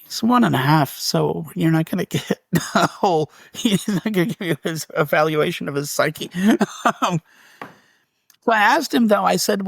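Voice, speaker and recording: As an interview guest, a man tells a personal story in a high, gravelly voice with vocal fry, speaking casually and animatedly at a moderate pace with lively intonation. He restarts sentences and laughs briefly. The audio is dry and close, with no echo.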